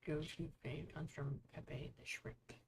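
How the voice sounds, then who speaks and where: A woman's voice: low voice, steady tone, slow pace, vocal fry, a little hiss or hum. A woman hosting a casual author livestream, chatty and telling jokes to viewers. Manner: chatty, joke-telling, reads viewer comments aloud.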